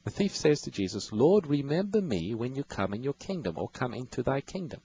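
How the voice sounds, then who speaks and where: A man's voice: mid-range voice, very animated, brisk, warm tone, husky, poor audio. A man hosting a radio Bible call-in show, patiently explaining scripture and reading verses to callers.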